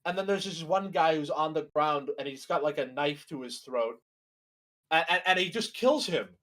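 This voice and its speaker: Young man, slightly higher voice, co-host banter, rambling, profane, filler-heavy. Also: lively intonation, moderate pace, fairly bright tone. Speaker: co-host reacting to a video. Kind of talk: casual reaction commentary.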